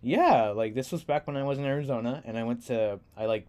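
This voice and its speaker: A man's voice: mid-range voice, a little fast, dark tone. A young man from San Diego hosting a podcast, talking in a laid-back, rambling way and laughing often. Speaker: podcast host. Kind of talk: casual chat.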